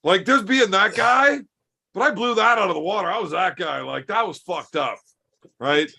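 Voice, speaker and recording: A man's voice: high-pitched, moderate pace, creaky, sharp tone. A man in his thirties telling a rowdy, profanity-laced story over beers, acting out the dialogue as he goes. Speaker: podcast host.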